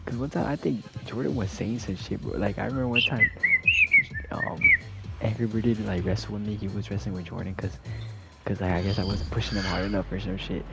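A man's voice: on the low side, fairly quick, vocal fry, loud music behind the voice. A young man chatting casually while gaming, slangy and boastful, rambling through stories. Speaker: gamer. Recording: noisy online voice chat.

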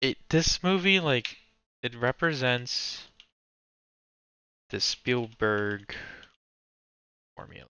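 Guy rambling n cursing to himself while ranking movies, clear voice, kinda muffled dead-dry mic. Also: mid-range voice, animated, takes it slowly, long pauses, bright, forceful tone, no echo. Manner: rambling, swearing, self-talk. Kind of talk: casual thinking-aloud commentary.

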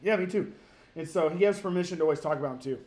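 A man in his thirties telling a story to a friend on a podcast, animated and profane, rambling with many restarts. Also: fairly high pitch, very fast. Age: 30s. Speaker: podcast co-host. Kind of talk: casual storytelling among friends.

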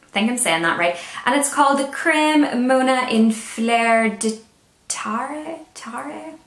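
A woman's voice: fairly high pitch, lively intonation, slow. A woman with a Northern Irish accent, chatting casually as she reviews beauty products with wry asides. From Northern Ireland. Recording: roomy echo.

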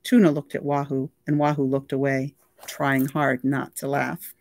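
A library reader reading a novel aloud with lively, expressive storytelling. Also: mid-range voice, normal speed, dry recording.

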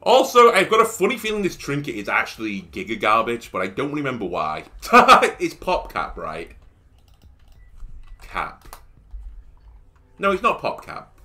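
A young man talks through his gameplay in a casual, chatty way and tells stories as he plays. His voice is bright and forceful, and his pitch swings widely as he builds to exasperated shouts. Soft music plays underneath. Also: unhurried, pauses often. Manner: animated storytelling, rising to exasperated shouts. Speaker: gaming YouTuber. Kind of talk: casual let's-play commentary.

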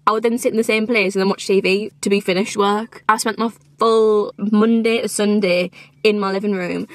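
A woman's voice: mid-range voice, dry recording. Vlogger in her 20s, chatty girl filming in the car, dry close sound, mid voice. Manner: chatty, rambling, often laughing. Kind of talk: casual chat to camera. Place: inside a car. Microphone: phone or camera in a car.

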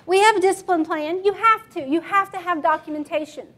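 A woman with a high voice presents a classroom management workshop to fellow teachers. She talks in a matter-of-fact way and keeps putting questions to her audience. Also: fairly quick, a bit bright.

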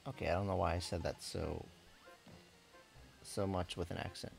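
A man chatting his way through a video game session, rambling and correcting himself as he goes. His voice is on the low side with a gravelly, fry-tinged texture, and faint game music plays under his talk. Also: little pitch movement, moderate pace, long pauses. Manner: rambling, self-correcting, laughs a lot. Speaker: let's play gamer. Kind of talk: casual gameplay commentary.

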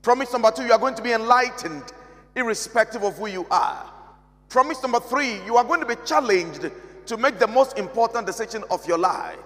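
High, lively-voiced pastor preaching slowly. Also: male voice. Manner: measured, emphatic preaching with repeated phrases. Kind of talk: sermon. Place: large church hall. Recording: long reverb of a church hall.

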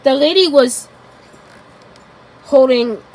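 A woman narrating a children's story aloud in a halting way. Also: high-pitched, a little mellow, low-quality recording. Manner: halting, with restarts.

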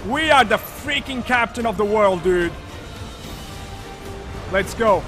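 A man commentating his own gameplay on a live stream, thinking aloud with lots of fillers and breaking into loud, excited shouts. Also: high-pitched, takes it slowly, pauses often, music in the background. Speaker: game streamer.

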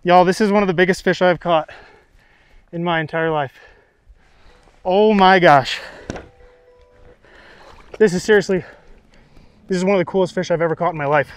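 Young guy fishing vlog, kinda high voice, super hyped, keeps gasping in disbelief outside by the river. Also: moderate pace, pauses often, clean tone. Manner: breathless, keeps exclaiming in disbelief. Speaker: fishing vlogger. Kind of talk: excited outdoor vlog commentary. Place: outdoors on a riverbank.

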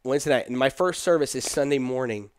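Animated man acting out his story. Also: medium pitch, fast, dry recording, clean studio sound. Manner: animated storyteller acting out dialogue, laughing often. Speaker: pastor telling his story. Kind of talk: casual storytelling conversation.

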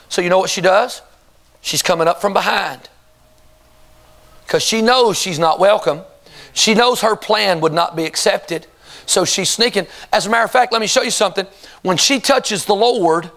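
A man with a very high voice delivers a sermon from the pulpit. He keeps firing rhetorical questions at the congregation and urging them to answer aloud. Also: lively intonation, moderate pace, fairly bright tone. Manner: asks the congregation rhetorical questions and calls for responses. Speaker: preacher. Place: church sanctuary before a congregation.

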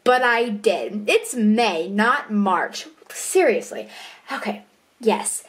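A woman talking in a casual vlog diary at home, chatty, bubbly and quick to correct herself. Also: mid-range voice, animated. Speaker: vlogger and co-writer of a book.

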